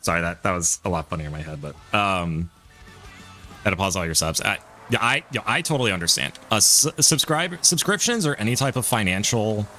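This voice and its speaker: A man's voice: lowish voice, lively intonation, a little fast, sharp tone, faint music behind. A young man streaming live, chatting in a rambling, restarting way with frequent swearing while he plays a driving game. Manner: rambling, restarts sentences, swears and laughs often.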